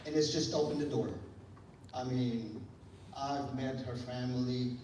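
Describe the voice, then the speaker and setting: A man giving an energetic motivational talk to an audience at a sales event, telling stories with lots of fillers. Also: medium pitch, measured pace. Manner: energetic storytelling, many fillers. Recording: echoey hall, distant mic, noisy.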